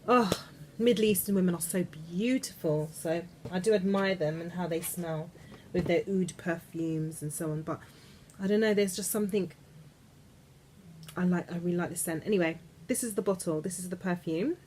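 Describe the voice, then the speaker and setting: A woman's voice: fairly low pitch, moderate pace, a little mellow, a little hiss or hum. A woman chatting casually to camera from her bed about perfumes, gushing and often trailing off mid-sentence. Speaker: beauty vlogger. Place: in bed at home.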